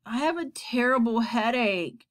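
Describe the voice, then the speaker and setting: Woman doing moody teen sister, lightly voiced, lively pitch, storybook. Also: a little slow. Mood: sulky.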